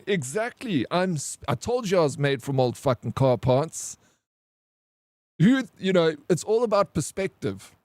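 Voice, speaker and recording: A man streaming and telling a personal story in casual chat, animated and full of swearing and "bro". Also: fairly high pitch, slow, no echo. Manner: animated, swears a lot, says "bro" constantly. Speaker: live streamer.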